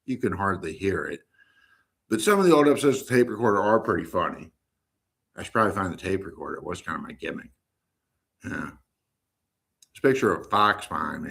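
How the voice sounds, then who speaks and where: A man with an American accent talks on his live stream. His voice sits low, and he rambles from joke to tangent in a loose, unfiltered way. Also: gravelly, fairly bright tone, breathy edge.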